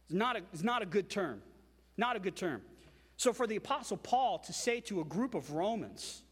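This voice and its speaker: A man preaching a sermon as pastor, emphatic and animated, with frequent repetitions. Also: high-pitched, moderate pace, husky, long reverb tail.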